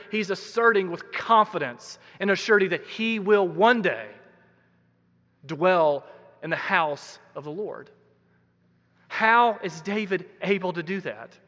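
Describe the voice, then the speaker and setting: Pastor, male, high bright voice, emphatic sermon delivery, church hall reverb. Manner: earnest, emphatic preaching with repeated words.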